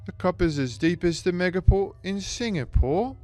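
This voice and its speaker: A man voicing a strange, very tall male waiter in an attempted Cockney accent, in a halting put-on voice. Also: sits high, animated, darkish tone, soft background music, pitched above the performer's own voice. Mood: deadpan. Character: tall odd male waiter, vaguely British.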